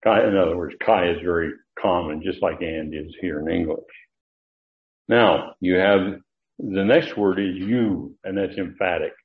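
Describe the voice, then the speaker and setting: A man teaching a verse-by-verse Greek Bible lesson, deliberate, with frequent fillers and emphatic rises. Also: low-pitched. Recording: dull lo-fi recording.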